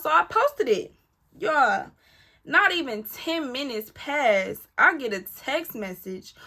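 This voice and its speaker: A woman vlogger telling a personal story to camera in an animated, emphatic, candid way, often talking straight to her listeners. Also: sits high. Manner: candid and profane, talks back to her rival.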